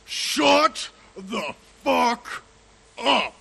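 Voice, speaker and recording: A man giving gruff, commanding orders during casual in-character game chat. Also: very high voice, very animated, drawn-out words, bright, forceful tone, a little hiss or hum.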